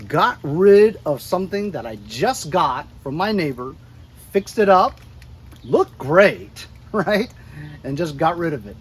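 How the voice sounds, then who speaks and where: A man's voice: on the high side, very animated, slow pace, breathy edge, poor audio. A man vlogging in a casual, rambling way, laughing easily as he talks through his day outdoors. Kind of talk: casual chat.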